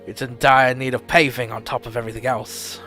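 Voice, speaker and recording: A man's voice: medium pitch, little pitch movement, fairly quick, bright, forceful tone, faint music behind, lightly acted. A man voicing a blustery, barking retired old nobleman who swears often. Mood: grumbling. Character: gruff loud old male noble, retired.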